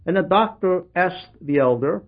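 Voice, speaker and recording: In this dull, lo-fi recording, a high-pitched man speaks at a moderate pace with lively animation. He's a religious storyteller addressing a gathering, earnestly retelling a monk's story and giving voice to the people in it.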